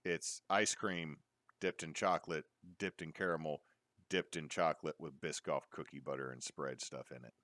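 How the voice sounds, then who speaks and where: A deep-voiced man co-hosting a podcast tells stories in casual chat, speaking at normal speed. He's an animated storyteller who acts out quotes, and the studio-quality recording has no room sound.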